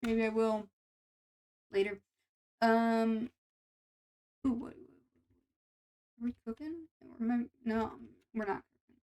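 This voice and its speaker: Nasal young streamer girl, kinda high voice, rambly and giggly, lots of restarts. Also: fairly even intonation, slow pace, pauses often, a little mellow. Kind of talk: casual live-stream chat with chat.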